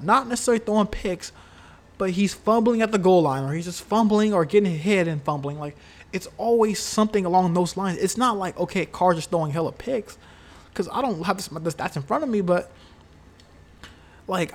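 A man talking casually about his football team, heated and profane, rambling with lots of fillers and repeated words. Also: high-pitched. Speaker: sports fan commentator. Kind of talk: casual solo sports talk.

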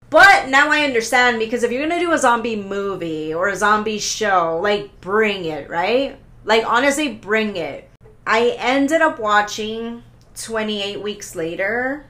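A woman hosting a solo podcast, talking in an excitable, rambling way, swearing often, stopping herself and restarting, pacing as she talks. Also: mid-range voice, a little slow. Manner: paces around while talking. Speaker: podcast host. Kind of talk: casual solo podcast rant.

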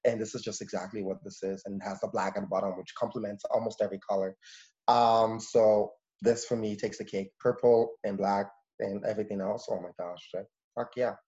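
A man's voice: lowish voice, fairly even intonation, brisk, dark tone. A man who is a podcast guest, talking enthusiastically and casually with lots of fillers and some swearing. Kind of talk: casual panel chat. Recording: dull lo-fi sound.

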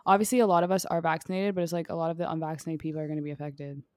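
Young woman, podcast co-host, lowish voice, rambling casual delivery. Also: flat delivery, racing, a little mellow, no echo. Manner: chatty, heavy on filler "like". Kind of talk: casual chat.

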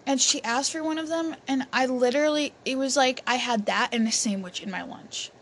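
A young woman with a high-pitched, fairly quick voice tells a personal story casually. Her chatty telling is full of fillers and restarts, with faint background noise in the recording.

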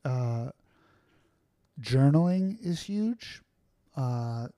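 A man's voice: mid-range voice, expressive, very slow, mellow, dry recording. A man talking casually as a podcast guest, rambling and candid, with many fillers and restarts. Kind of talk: casual conversational storytelling.

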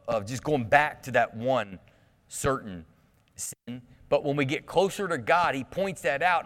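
A man's voice: mid-range voice, fairly bright tone, in a large hall. A pastor preaching a sermon in a conversational way, asking the congregation questions and often restarting his sentences.

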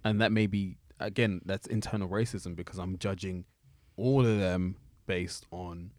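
Lowish-voiced man, candid and reflective in casual chat, dry close sound. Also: fairly even intonation, moderate pace, darkish tone, no room sound. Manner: candid, reflective, joking asides.

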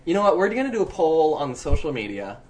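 A woman's voice: deep voice, very animated, quick pace, a loud crowd. A woman co-hosting a podcast in casual chat, playful and teasing, arguing with mock outrage. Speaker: podcast co-host.

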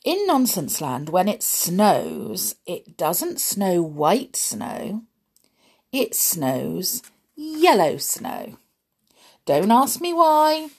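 Animated storyteller woman. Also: low-pitched, slightly rough. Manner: animated, asks listeners questions. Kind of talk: reading a children's story aloud.

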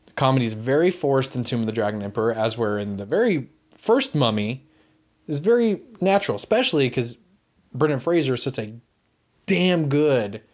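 Animated rambling man chatting casually. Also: medium pitch, moderate pace. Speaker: podcast co-host. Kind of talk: casual chat about movies.

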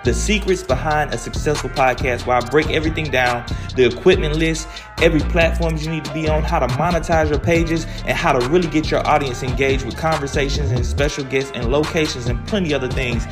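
A man's voice: a little high, steady tone, brisk, music in the background. A man hosting his podcast, reading his own promo in a hyped, punchy way. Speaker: podcast host. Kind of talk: podcast talk and ad read.

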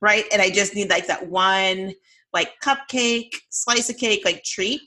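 A woman in her thirties co-hosts a podcast, chatting casually in a mid-range voice at a measured pace. She tells stories in a chatty, animated way, using lots of fillers.

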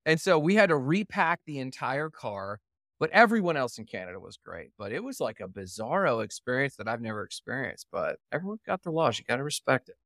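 A man's voice: medium pitch, very animated, fairly quick, fairly bright tone, no room sound, studio quality. A young man co-hosting a podcast, telling a story casually, acting out quotes and laughing often. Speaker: podcast co-host.

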